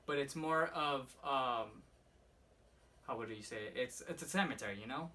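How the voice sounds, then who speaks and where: A young man casually rambling through a personal ghost story for his vlog, swearing often and filling every pause with "like". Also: mid-range voice, pushed and bright. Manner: rambling, profane, heavy use of "like". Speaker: vlogger. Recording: slightly distant mic with faint room noise.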